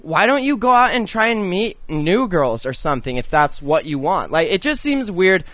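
A man's voice: high voice, big pitch swings, moderate pace, a bit bright, no room sound. A young man co-hosting a podcast, talking casually in a blunt, profane, rambling way full of "like". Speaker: podcast co-host. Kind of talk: casual chat.

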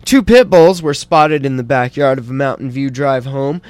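A man co-hosting a casual podcast, swearing freely, mocking stories and laughing loudly. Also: medium pitch, moderate pace, dry recording. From California. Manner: profane, mocking, loud bursts of laughter. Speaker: podcast co-host. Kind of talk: crude casual banter.

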